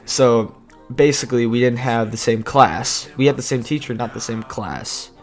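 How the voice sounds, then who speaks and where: A man's voice: medium pitch, moderate pace, soft background music. A young man vlogging a casual storytime, rambling and cutting himself off, laughing often.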